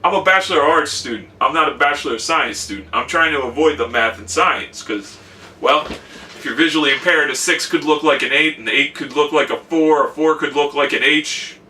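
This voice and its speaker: Chatty young man, bright voice. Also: fairly high pitch, a little fast, distant mic, a little hiss or hum. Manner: chatty storytelling with quoted asides. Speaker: college student vlogger. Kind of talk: casual vlog chat.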